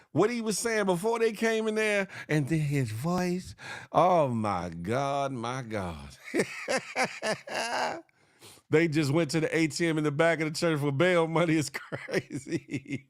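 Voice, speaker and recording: A man hosting a casual morning commentary show, joking and laughing while he riffs on the news and shouts out viewers by name. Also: fairly high pitch, animated, unhurried, dry recording, clean studio sound. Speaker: host.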